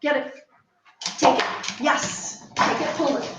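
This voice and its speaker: Woman dog handler, slightly high voice, coaxing commands and praise mixed with explanation; recorded from a distance. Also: steady tone, slow. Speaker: search and rescue dog handler. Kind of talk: training demonstration with running explanation. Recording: very echoey room, mic at a distance, faint noise.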